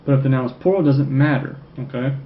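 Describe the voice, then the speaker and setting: In this classroom lecture recording, a male French teacher with a mid-pitched voice adds "okay?" after every point and says French phrases slowly and repeatedly. The audio is dull and lo-fi, with an echoey room and faint noise.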